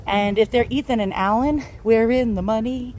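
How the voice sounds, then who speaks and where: A woman's voice: fairly high pitch, unhurried, darkish tone, a little hiss or hum. A woman vlogging casually while out of breath, rambling, laughing and swearing freely. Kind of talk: casual home vlog.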